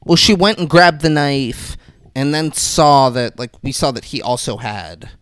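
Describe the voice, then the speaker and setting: A man's voice: mid-range voice, a little slow, a bit bright, clear, resonant tone, no room sound. A man co-hosting a podcast, chatting casually about a TV episode in a joking, sarcastic, profane way. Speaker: podcast co-host. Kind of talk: casual TV recap chat.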